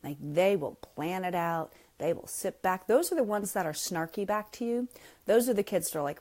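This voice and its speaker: A middle-aged woman hosting a live parenting question-and-answer chat, talking in a blunt, frank and emphatic way and reading out viewer comments. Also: normal speed. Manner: animated, with sudden jumps up in pitch. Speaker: parenting coach host.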